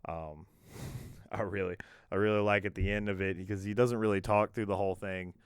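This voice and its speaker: Male podcast host, low-pitched, rambling and filler-heavy, smooth tone. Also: steady tone, brisk, dry recording, clean studio sound. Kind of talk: casual podcast commentary.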